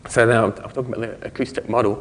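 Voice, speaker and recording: A man's voice: medium pitch, little pitch movement, very fast, slight background noise. A man giving a technical conference talk, explaining ideas in a loose, conversational way, recorded in a conference hall. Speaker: conference speaker. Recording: long hall reverb.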